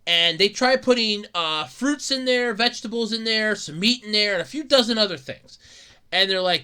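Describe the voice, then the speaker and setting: Bright-voiced rambling male podcaster. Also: high voice, measured pace, clean tone. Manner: rambling, repeats himself, stammering restarts. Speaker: podcast host. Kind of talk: casual solo podcast rant.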